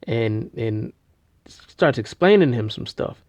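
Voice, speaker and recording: In a dull, lo-fi recording with no echo, a man slowly and casually retells a story at medium pitch. He rambles with slang, fillers and restarts, growing loud and animated at the big moments.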